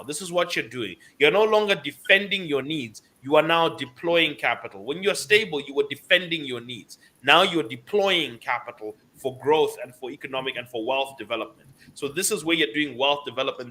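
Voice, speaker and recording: A man's voice: medium pitch, expressive, moderate pace, hardly any pauses, sharp tone. A man giving financial advice on a talk show, lecturing emphatically and repeating key words for stress. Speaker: financial commentator.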